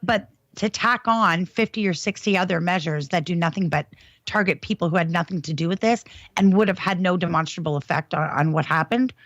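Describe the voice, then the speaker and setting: A co-host giving calm, measured, reasoned political commentary in a casual talk. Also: medium pitch, no room sound. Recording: dull lo-fi audio.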